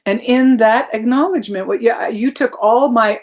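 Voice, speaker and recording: A woman's voice: on the high side, moderate pace. A woman speaking as a guest on a spiritual talk show. She talks in a reflective, searching way, repeats words as she gathers her thoughts, and laughs easily.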